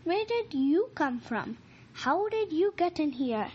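A woman's voice: extremely high pitch, big pitch swings, takes it slowly, darkish tone, dull audio, slight background noise, exaggerated voice. A woman voicing a puzzled adult man who finds a strange dog in his house, in a storybook reading. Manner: puzzled questions.

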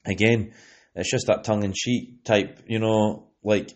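A young Scottish man hosts a casual podcast in a lowish, steady, unhurried voice. He rambles, repeatedly using "you know what I mean," and the recording is lo-fi.

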